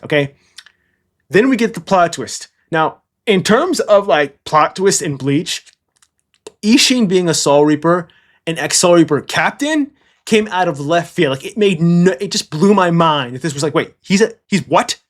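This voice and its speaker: Blunt, rambling man ranking anime dads. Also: fairly high pitch. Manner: rambling, blunt and profane, peppered with "okay?". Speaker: anime commentator. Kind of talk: casual tier-list commentary.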